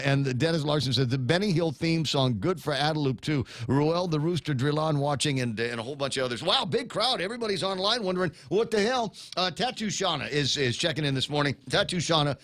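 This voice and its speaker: A man's voice: mid-range voice, fairly bright tone, no room sound. A middle-aged man hosting a morning talk radio show, rambling with many fillers and restarts as he reads out listener comments. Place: radio studio.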